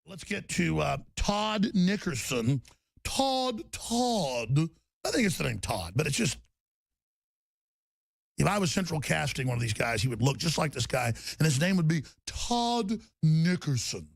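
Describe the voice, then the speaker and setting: A male radio host delivering an impassioned rant, intense and repetitive, breaking into shouting. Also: on the high side, sing-song, a little slow, creaky, no room sound, studio quality.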